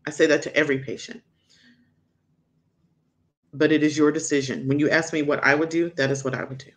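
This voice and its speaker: A middle-aged woman doctor, a podcast guest, telling a personal story frankly and animatedly, jumping up in pitch as she quotes others. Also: fairly quick. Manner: animated, acts out quoted people with sudden high pitch; frank, candid.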